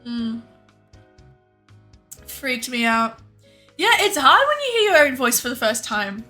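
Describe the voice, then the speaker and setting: A woman's voice: high-pitched, big pitch swings, slow, bright, forceful tone, faint music behind. A young woman streamer in candid, rambling casual chat, swearing freely. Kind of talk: casual chat while cooking and gaming.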